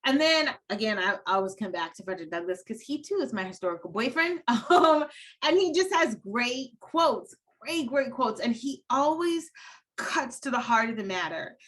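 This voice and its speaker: A woman giving an academic lecture over a video call, animated, laughing often and paraphrasing historical figures aloud. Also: a little high, normal speed. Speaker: guest lecturer. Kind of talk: academic lecture at a virtual event. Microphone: computer mic on a video call.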